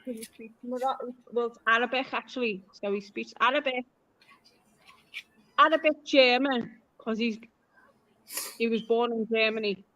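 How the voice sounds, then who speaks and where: Bright chatty Liverpool woman. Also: a little high, a little slow, long pauses. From Liverpool, England. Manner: chatty storyteller, acts out quoted lines. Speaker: live stream co-host. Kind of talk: casual chat. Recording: dull lo-fi live stream audio.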